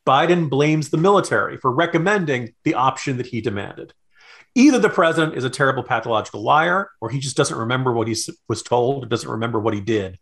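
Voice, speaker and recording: A man's voice: a little high, animated, fast, a bit bright. A man co-hosting a political podcast, talking in an emphatic, exasperated way and piling up rhetorical questions. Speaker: podcast co-host. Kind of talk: political commentary chat.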